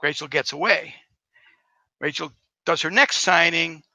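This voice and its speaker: Gravelly, forceful-sounding man. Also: on the high side, unhurried, no room sound, rough recording. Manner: rambling, enthusiastic storytelling. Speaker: author, interview guest. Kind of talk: casual interview.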